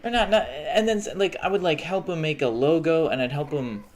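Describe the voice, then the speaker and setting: A young man with a fairly high-pitched voice livestreams from home, talking a little fast with a bit of hiss or hum in the background. He rants casually, swearing a lot and restarting mid-sentence frequently.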